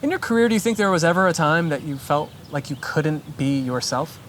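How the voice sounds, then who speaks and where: An interviewer asking brisk, friendly quick-fire questions in a casual chat. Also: mid-range voice, lively intonation, a bit bright, a little hiss or hum.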